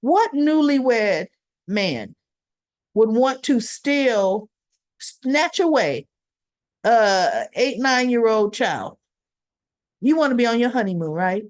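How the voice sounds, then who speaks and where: A woman with a somewhat high voice reviews a soap opera episode. She chats casually, retells each scene and quotes lines in passing. She keeps dropping her own opinions in between. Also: sing-song, takes it slowly, long pauses. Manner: chatty, retells scenes with quoted dialogue and asides.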